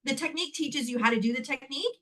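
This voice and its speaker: A Canadian woman, a guest in an interview, telling a personal story in an animated way, laughing often and acting out the voices of the people she quotes. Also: high-pitched, quick pace, poor audio. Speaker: guest, healing technique teacher.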